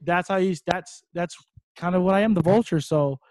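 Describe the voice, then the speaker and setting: A young man from Hawaii with a high, light voice, talking through his fighting story in a casual interview. He rambles and gets excitable, sometimes breaking into loud shouts. The recording is close and dry, with no room sound. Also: normal speed, no room sound.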